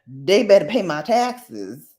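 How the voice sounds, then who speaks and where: A woman hosts a laid-back chat show in an unhurried, expressive voice. She is slangy and dramatic, and her pitch swings from low grumbles to high exclamations. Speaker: host. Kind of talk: casual chat.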